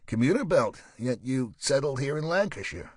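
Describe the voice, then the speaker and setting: A man's voice: mid-range voice, big pitch swings, normal speed, breathy edge, no echo, studio quality, pitched above the performer's own voice. A man doing a needling police sergeant. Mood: probing. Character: blunt probing male police sergeant.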